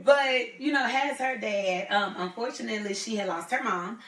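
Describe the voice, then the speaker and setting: A woman's voice: fairly high pitch, normal speed, fairly bright tone. Chatty, teasing woman host. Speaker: talk show host. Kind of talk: casual chat. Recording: roomy sound from a distant mic.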